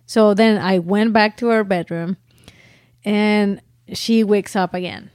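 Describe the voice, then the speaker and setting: A woman's voice: medium pitch, slow pace, no room sound, clean studio sound. A woman in her thirties, a mother, telling a family story in casual chat and acting out what people said. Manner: animated storyteller, acts out quotes.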